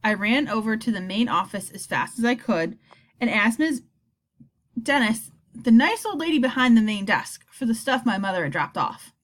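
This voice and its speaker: Lively woman reading a children's novel. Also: a little high, moderate pace. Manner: expressive first-person storytelling. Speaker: audiobook reader.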